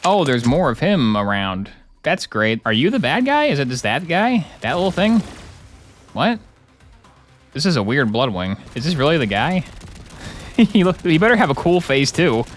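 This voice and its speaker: A man's voice: fairly high pitch, very animated, moderate pace, pauses often, soft background music. Man grumbling sarcastically through gameplay. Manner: talks to chat, thanks subscribers. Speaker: gaming streamer. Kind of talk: live gameplay commentary.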